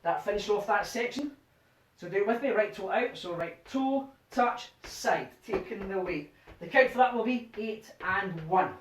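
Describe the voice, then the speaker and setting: A man's voice: high voice, normal speed, a little hiss or hum. Male line dance instructor, rhythmic count-calling, slightly winded, distant camera mic in a roomy home. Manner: counts steps aloud in a rhythmic chant. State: a bit out of breath. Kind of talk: teaching a dance workshop from home. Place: living room at home.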